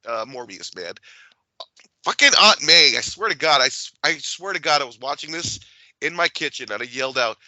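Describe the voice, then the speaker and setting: Guy cohosting a podcast, cussing a lot, bright voice, dry mic. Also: mid-range voice, fast talker, no echo, rough recording. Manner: swears a lot, animated retelling. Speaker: podcast co-host. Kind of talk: casual chat.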